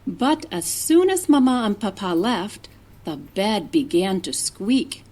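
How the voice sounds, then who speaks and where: A woman teacher reading a children's storybook aloud, slowly and expressively, with animal noises and character voices. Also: mid-range voice, big pitch swings, darkish tone.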